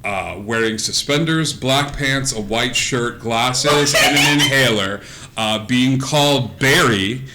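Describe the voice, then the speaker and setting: A man's voice: medium pitch, slow pace, very noisy. A man acting as game master of a live-streamed tabletop game, narrating in an improvised, rambling way full of fillers like "uh" and "like". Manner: rambling, filler-heavy, laughs between lines. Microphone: streaming mic.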